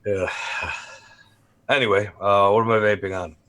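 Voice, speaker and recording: Hoarse, sick-sounding male co-host. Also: on the low side, steady tone, moderate pace, fairly bright tone, no room sound. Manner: laid-back, joking. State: hoarse from a cold. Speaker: show co-host. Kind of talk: casual live-stream chat.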